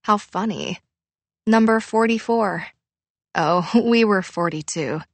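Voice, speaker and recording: A woman voicing a weary teenage girl who talks in a low-key, flat, matter-of-fact way. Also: takes it slowly, no room sound. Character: weary teenage girl, grieving but dry.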